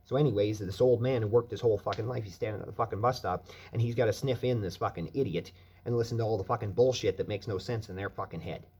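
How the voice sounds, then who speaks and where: Husky-voiced man on an angry rant. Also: lowish voice, fast, a little mellow. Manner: angry, heavy swearing. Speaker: vlogger. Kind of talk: profane rant.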